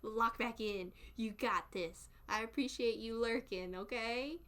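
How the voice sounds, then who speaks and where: A woman's voice: a little high, unhurried, fairly bright tone. A young woman with a Southern US accent, chatting casually with her live stream chat, playful and often laughing.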